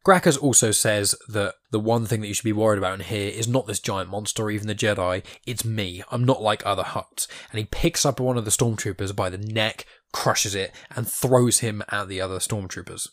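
A man with a rather low voice hosts a podcast and retells a story in a loose, chatty way. He keeps leaning on fillers and trails on from one event to the next. The sound is dry and close. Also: fairly quick, hardly any pauses, fairly bright tone, dry recording. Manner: rambling retelling with fillers like "and things" and "basically". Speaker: podcast host. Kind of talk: casual comic recap.

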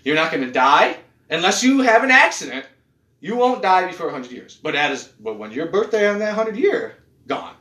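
A man chatting casually as a podcast host, animated and profane, often restarting his sentences. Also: sits high, normal speed. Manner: animated, swearing, restarts a lot. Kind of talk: casual chat. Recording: echoey room.

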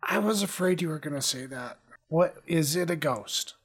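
A woman's voice: low voice, animated, normal speed, husky. A woman playing a tabletop game, asking wry, playful questions in character. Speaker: player.

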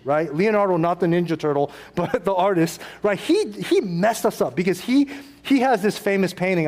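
A middle-aged man delivers a sermon in a high, bright-sounding voice. He talks to the congregation casually, acting out little scenes and tossing in asides. The sound carries the long reverb of a large church hall. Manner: conversational, animated, acts out quotes with asides. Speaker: pastor.

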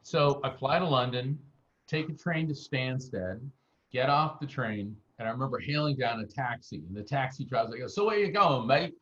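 A man's voice: medium pitch, normal speed. American guy spinning stories in an interview, does little voices for folks, kinda muffled audio. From United States. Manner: animated anecdotal storyteller, acts out quotes. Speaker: guest medium and author. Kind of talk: interview storytelling.

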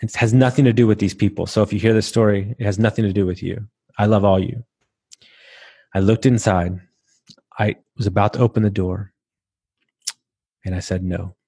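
A man in his thirties with a fairly low voice tells his own story as a podcast host. He is blunt and candid, swears freely, and often restarts his sentences. The sound is dry and close, with no room echo. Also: steady tone, moderate pace, long pauses, mellow, slightly rough. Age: 30s.

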